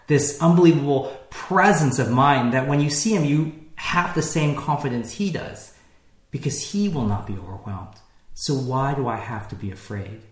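A man preaching a sermon in a relaxed, conversational way, with frequent fillers and restarts. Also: on the high side, roomy sound. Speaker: pastor.

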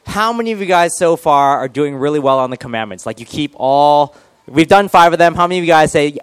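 A man's voice: on the high side, animated, brisk, clear, resonant tone, no echo. A male pastor giving a casual, joking sermon and quizzing his congregation.

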